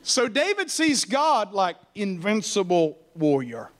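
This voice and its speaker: A male pastor preaching with a high, light voice. He leads the congregation in call-and-response and is animated throughout. He breaks into playful mocking stammers to drive home a point. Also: slow pace. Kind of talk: sermon.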